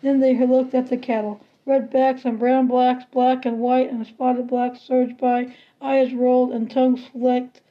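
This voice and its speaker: High-voiced woman reading a children's novel. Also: a little slow. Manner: steady, plain read with small restarts. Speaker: narrator. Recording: slightly muffled lo-fi recording.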